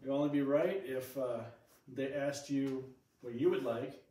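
A man investigating the paranormal who gently coaxes spirits to answer in old rooms under renovation. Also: medium pitch, a little slow. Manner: coaxing, gently invites spirits to respond. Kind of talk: ghost-hunting vlog chatter. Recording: echoey room, mic at a distance.

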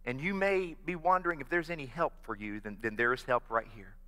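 A man's voice: mid-range voice, brisk, pushed and bright. A man preaching a sermon as pastor, earnest and inviting the congregation to repeat phrases after him. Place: church sanctuary. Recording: long reverb of a church hall.

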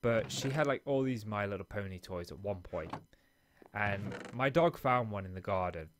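A man's voice: on the low side, animated, moderate pace, a little hiss or hum. A man in a small home office, chatting casually and rambling with self-mocking asides while he plays and comments on a game. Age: adult, father of a school-age daughter. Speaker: let's play host.

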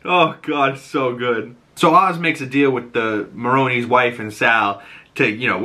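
A man hosting a podcast, recapping a TV episode in a casual, animated way, laughing and swearing often. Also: medium pitch, unhurried. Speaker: podcast host.

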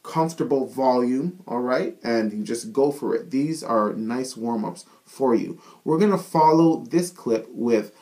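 A man teaching a singing lesson, explaining chest-voice warm-ups in an upbeat way and often checking in with "all right?". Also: medium pitch, measured pace, hardly any pauses.

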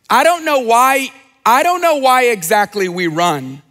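High-voiced man preaching in a hall. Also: expressive, a little slow, pushed and bright. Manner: earnest, conversational preaching with repeated phrases. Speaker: pastor. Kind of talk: sermon. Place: large church auditorium. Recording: church hall reverb.

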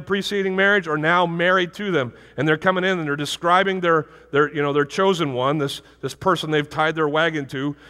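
A man preaching from the pulpit with a high, bright voice that swings up into loud emphatic bursts. His sermon rings out with a long church reverb trailing behind it. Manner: animated preaching, rising to near-shouting emphasis. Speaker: pastor. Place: church sanctuary.

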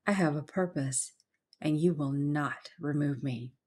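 A woman voicing a hateful female spirit from a curse, speaking slowly, low and menacing. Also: a little mellow, slightly rough. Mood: cold.

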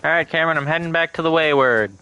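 A man chatting casually and swearing while playing a co-op game, jokey and excitable. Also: fairly high pitch, fast, clear, resonant tone. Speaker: streamer playing co-op. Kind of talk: casual gaming chat.

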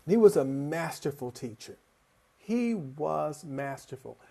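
A choral conductor giving a conference lecture over a video call, telling personal stories in an animated way and acting out the voices he quotes. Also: a little high, measured pace, creaky.

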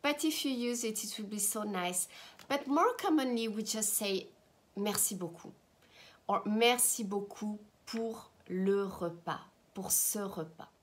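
A woman with a French accent, teaching travel phrases and repeating each one slowly and clearly, talking straight to her viewers. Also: medium pitch. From France. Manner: slow, careful pronunciation drills, repeating phrases; friendly, direct to the viewer. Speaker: language teacher.

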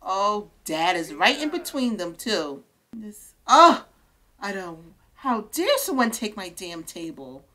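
A woman commenting on a life-sim game she is playing, excitable and gushing, often laughing. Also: mid-range voice, slow. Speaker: gaming creator. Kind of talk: let's play commentary.

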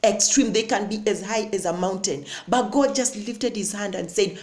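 A woman's voice: medium pitch, moderate pace, darkish tone, roomy sound. A woman preacher, giving a sermon, reading scripture, then declaring and commanding with repeated phrases. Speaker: prophetess preacher.

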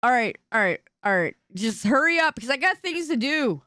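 Lively, bright-voiced whiny woman streamer. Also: fairly high pitch, normal speed, no echo, clean studio sound. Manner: whiny and indignant, bickering with chat. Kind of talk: casual live-stream chat.

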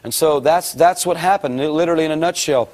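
A middle-aged man gives a sermon testimony, telling his story with lively storytelling. His voice sits a little high for a man, and he acts out the lines of the people he quotes. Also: fairly quick. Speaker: preacher.

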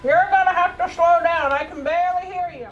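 An actress playing a rude, gum-chewing small-town store clerk who talks in a rough folksy drawl. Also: female voice, very high-pitched, a little fast, muffled recording, over loud music. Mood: cranky. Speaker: small-town shopkeeper and radio dispatcher. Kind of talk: comedic film acting.

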